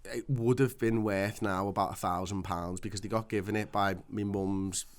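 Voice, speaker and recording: A man co-hosting a casual podcast, rambling and animated as he tells stories, swearing freely. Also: on the low side, moderate pace, smooth. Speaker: podcast co-host.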